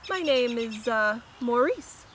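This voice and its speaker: A woman voicing a huge, clumsy, slow-witted male dog who speaks slowly and hesitantly in a storybook reading. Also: fairly high pitch, animated, background noise. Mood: dopey. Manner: slow hesitant speech with fillers.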